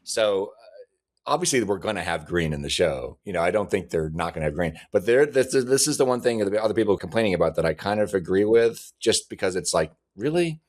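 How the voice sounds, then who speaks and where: Low-voiced man in casual podcast chat. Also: expressive, fast. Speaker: podcast co-host.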